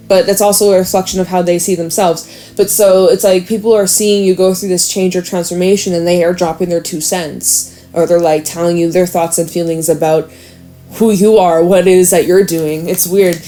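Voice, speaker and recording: A woman's voice: fairly low pitch, fairly even intonation, moderate pace, warm tone, faint music behind. A woman reading tarot cards in a chatty, casual way, swearing now and then. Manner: chatty, swears, laughs often. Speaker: tarot reader.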